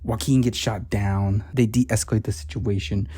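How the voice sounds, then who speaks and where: A man's voice: fairly low pitch, fairly even intonation, moderate pace, warm tone, husky, dry recording. Rambling man recapping a movie. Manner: rambling, filler-heavy, joking asides. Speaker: movie reviewer.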